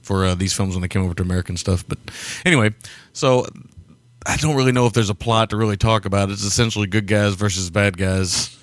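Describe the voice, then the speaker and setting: A man hosting a laid-back film podcast, with a fairly low voice recorded dry and close. He rambles along, chuckles often and stumbles over names as he talks. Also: fast, no echo. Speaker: podcast co-host. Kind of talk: casual film chat.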